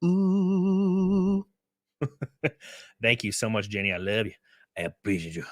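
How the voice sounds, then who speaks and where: A man's voice: mid-range voice, fairly even intonation, slow pace, dry recording, clean studio sound. A young man giving loose, profane, rambling live-stream commentary.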